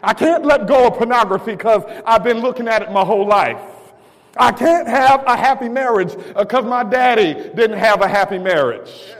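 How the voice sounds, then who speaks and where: A man preaching a sermon in a church, with stammering restarts and call-and-response, rising to shouts. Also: very high voice, normal speed. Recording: long reverb of a church hall.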